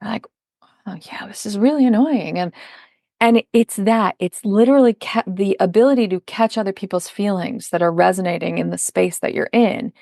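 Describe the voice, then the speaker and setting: A woman's voice: mid-range voice, normal speed, vocal fry, darkish tone, dry recording, clean studio sound. A middle-aged woman, a parenting coach and podcast guest, talking in an emphatic, explanatory way in a conversational interview. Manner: emphatic, explanatory, acts out quoted voices.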